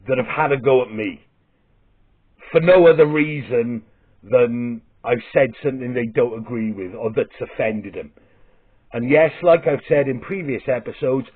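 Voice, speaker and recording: He speaks at medium pitch with a husky tone and a Welsh accent. As a vlogger and comedian, he delivers a rambling comic tale, bluntly and with plenty of swearing and restarts, on audio that sounds like a phone.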